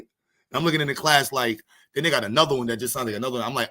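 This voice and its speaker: A man's voice: mid-range voice, quick pace, bright, forceful tone. A man from Brooklyn, hosting a casual comedic chat full of jokes and slang. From Brooklyn, New York. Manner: joking, laughing, loose slang. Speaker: host.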